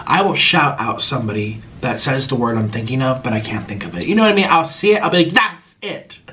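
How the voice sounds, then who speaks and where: A young man talking to his viewers in a casual vlog, his pitch leaping up and down as he swings from exasperated to mocking. A faint hiss of noise sits under his voice. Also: brisk. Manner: animated, dramatic swings between exasperated and mocking. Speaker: YouTuber hosting a Q and A. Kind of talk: casual vlog talk to camera.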